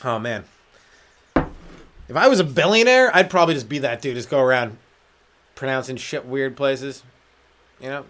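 High on weed, a Canadian stand-up hosts his comedy podcast alone, rambling through riffs with silly put-on voices and bits of singing. His medium-pitched voice is fairly bright, with lively intonation, a moderate pace and long pauses.

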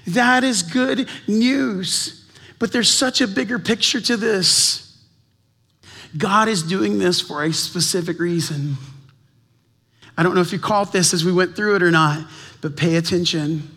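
A man's voice: high-pitched, normal speed, pauses often, pushed and bright. A man preaching a sermon as teaching pastor, earnest and full of rhetorical questions, often repeating words as he presses a point.

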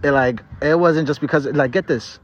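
Young adult man, slightly higher-pitched, tipsy and slurring, profane digressive storyteller; dull lo-fi sound. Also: normal speed, background noise. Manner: profane, digressive, talks straight to viewers. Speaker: vlogger. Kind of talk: rambling personal storytelling. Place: outdoors in a park.

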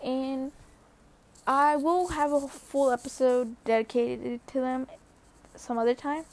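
High-voiced young woman rambling casually. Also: fairly even intonation, slow. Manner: chatty, rambling, with many fillers and restarts. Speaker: vlogger. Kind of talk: casual storytelling.

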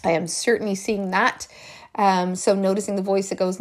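A woman's voice: medium pitch, little pitch movement, moderate pace. Earnest woman coaching on a podcast. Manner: emphatic, repeats phrases for effect; earnest, encouraging. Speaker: life coach. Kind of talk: podcast monologue.

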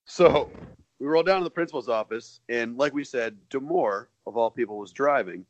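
A man's voice: medium pitch, moderate pace, dry recording, lo-fi sound. Dry-sounding man telling a casual story. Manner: loose, swears, restarts phrases often. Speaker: podcast co-host.

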